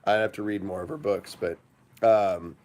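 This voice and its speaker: A man's voice: lowish voice, fairly even intonation, moderate pace, darkish tone. A man hosting a casual morning livestream, rambling with lots of fillers and breaking into laughter. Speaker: livestream host.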